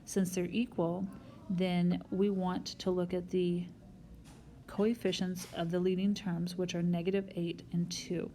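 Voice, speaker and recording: Patient woman teaching algebra, low mellow voice. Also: level tone, unhurried, slight background noise. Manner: patient, explains step by step. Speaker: math teacher. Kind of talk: recorded whiteboard math lesson.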